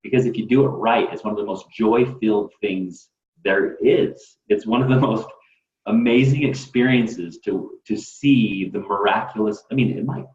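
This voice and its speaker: A man's voice: on the low side, normal speed, darkish tone. A man who is a podcast guest, talking earnestly, repeating himself and building to emphatic peaks. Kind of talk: casual chat. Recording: roomy, distant and dull.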